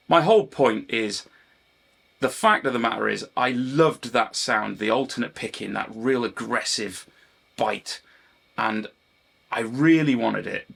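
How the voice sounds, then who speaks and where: A man's voice: mid-range voice, normal speed, vocal fry, a bit bright, breathy edge. A man, a guitar teacher and channel host, chatting casually to camera, wandering off topic and apologising for it. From Britain. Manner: digressive, self-deprecating, often apologises for rambling. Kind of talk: rambling casual chat to camera.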